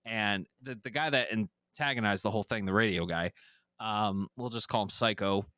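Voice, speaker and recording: A man's voice: lowish voice, normal speed, bright, forceful tone, no room sound, clean studio sound. A man guesting on a podcast, telling a story in casual, rambling talk full of fillers and swearing. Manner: rambling, profane, many fillers.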